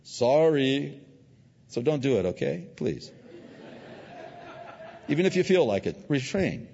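A male pastor preaching a sermon, animated and acting out little voices from his stories. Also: mid-range voice, takes it slowly, gravelly, slightly rough, a faint crowd. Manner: animated, acts out voices in anecdotes. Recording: dull lo-fi audio with long hall reverb.

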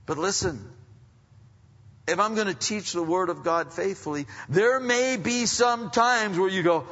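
A middle-aged man preaching a conversational sermon as pastor, swinging between loud emphasis and hushed asides. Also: high voice, measured pace. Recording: dull sound with long hall reverb.

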